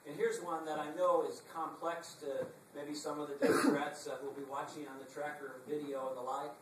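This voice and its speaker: A man's voice: on the high side, flat delivery, a little fast, recorded from a distance, noisy background. A middle-aged man giving a campaign stump speech in a packed meeting room, emphatic and rhetorical with wry asides. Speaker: political speaker. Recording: echoey room, recorded from afar.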